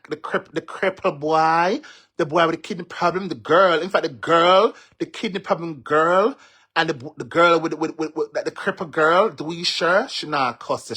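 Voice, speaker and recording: Bright-voiced Jamaican man, mocking rant. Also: a little high. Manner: mocking, cursing, repetitive taunting. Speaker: social media commentator. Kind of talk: ranting live-stream monologue.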